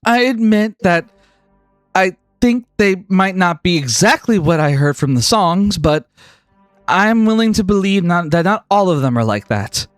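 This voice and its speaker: A man's voice: high voice, animated, a little slow, clear, resonant tone, dry recording, studio quality, soft background music, pitched above the performer's own voice. Hazel, a man voicing an eager young sorceress. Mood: hopeful. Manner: earnest and hopeful. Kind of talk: tabletop role-play.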